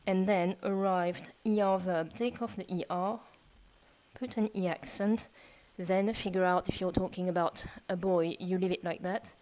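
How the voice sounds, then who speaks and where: A woman's voice: fairly low pitch, fairly even intonation, a little mellow, highs cut off. Patient woman teaching a language lesson. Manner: patient, repeats steps, explains slowly. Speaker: French teacher.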